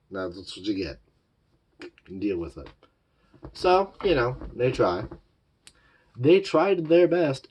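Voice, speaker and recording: Male reviewer, lowish voice, casual rambling delivery. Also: a little mellow. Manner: rambling and repetitive, loose fillers. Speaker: show reviewer.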